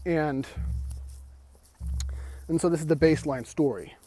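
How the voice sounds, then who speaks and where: Slow-talking man, a little winded. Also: on the high side, warm tone, soft background music. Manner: halting, repeats and restarts words. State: slightly out of breath. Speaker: esoteric mystery school teacher. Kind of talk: rambling spoken lesson. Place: outdoors walking up a hill.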